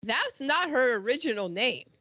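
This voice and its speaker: A woman with a high, bright, ringing voice talks in a lively, excitable way, jumping into little acted-out quotes as she chats. The sound is somewhat dull and lo-fi. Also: normal speed, dry recording. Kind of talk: casual chat.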